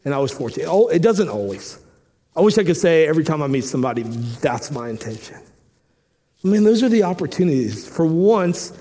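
A man preaching a sermon, telling a story with lively acted-out dialogue, then turning quiet and earnest. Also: a little high, a little fast, a little hiss or hum. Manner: animated storytelling, acting out dialogue; drops soft and quiet when earnest. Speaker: pastor. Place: church sanctuary.

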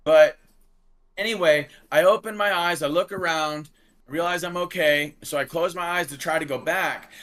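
A man in casual talk show conversation telling a long story, acting out quotes loudly, swearing freely and saying "like" often. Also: fairly high pitch, normal speed. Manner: animated, acts out quotes in raised voice. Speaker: podcast guest.

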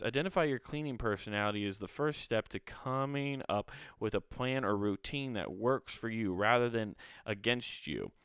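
A man talks through his podcast in a loose, rambling way, full of swearing and "uh"s. His voice is low and smooth. The sound is dry and close, with no room echo. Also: a bit bright. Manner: rambling, profane, lots of fillers. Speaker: podcast host. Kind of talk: casual solo podcast chat.

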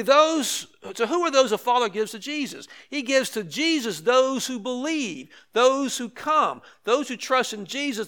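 A man's voice: very high-pitched, pushed and bright. An older man preaching a sermon as pastor, conversational with emphatic repetitions and light asides to the congregation.

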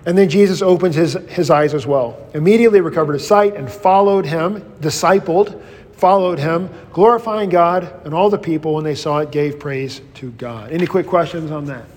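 A man, a pastor, leading a Bible study in a casual, animated storytelling way. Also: a little high, moderate pace, big-room sound.

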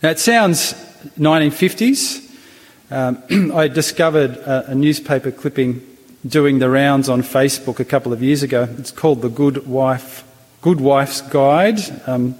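A man's voice: mid-range voice, a little mellow. A male preacher delivering a sermon to a church congregation. He speaks thoughtfully, stopping and restarting as he works through his points. His voice rings with a long hall reverb. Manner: hesitant, with restarts and thoughtful pauses.

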